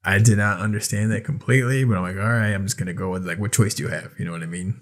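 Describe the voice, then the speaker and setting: Low-pitched guy, dry sarcastic podcast co-host. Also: steady tone, rapid-fire, a bit bright. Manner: dry, sarcastic banter, swears casually. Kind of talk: casual chat.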